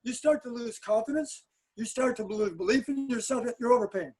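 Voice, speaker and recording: A man telling animated anecdotes on a webinar chat, with frequent restarts and laughs. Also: very high-pitched, normal speed, slightly rough, poor audio. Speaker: sport psychologist guest.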